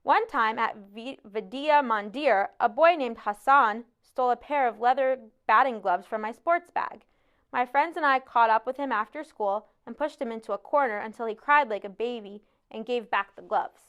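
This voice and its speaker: A woman reading a novel aloud in a measured first-person narration. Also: fairly high pitch, a bit bright, smooth, dull audio. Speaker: audiobook narrator. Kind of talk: scripted narration.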